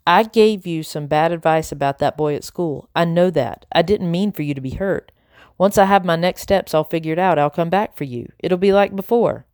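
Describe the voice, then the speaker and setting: A woman's voice: fairly low pitch, normal speed, a little mellow, dry recording, studio quality, lightly acted. A woman reading aloud, voicing a tired, defensive father speaking in a tight, flippant tone.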